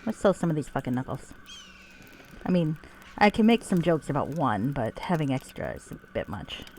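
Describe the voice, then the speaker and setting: A woman's voice: low voice, very animated, moderate pace, a little mellow, a little hiss or hum. A woman streamer casually chatting while playing, sweary and self-mocking, with faint game music behind her. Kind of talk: casual gameplay commentary.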